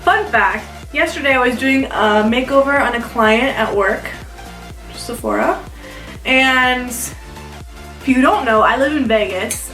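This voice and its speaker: A woman's voice: fairly high pitch, takes it slowly, a bit bright, distant mic. A young woman from South Dakota chatting casually while doing her makeup, rambling with lots of "like" fillers. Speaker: beauty vlogger. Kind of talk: casual get-ready-with-me chat. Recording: echoey room, a bit off-mic, faint music.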